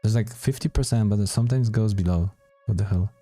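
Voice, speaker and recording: A man commenting on a video game as he plays and reads its text aloud, in a relaxed, thinking-aloud way. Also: fairly low pitch, fast talker, faint music behind. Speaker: gaming streamer. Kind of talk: casual let's-play commentary and reading game text.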